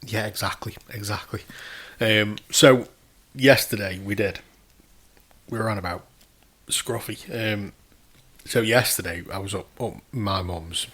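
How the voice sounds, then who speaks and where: A man's voice: lowish voice, a little slow, pauses often, a bit bright. A man, telling rambling, sweary anecdotes on a casual podcast. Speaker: podcast co-host. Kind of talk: casual chat.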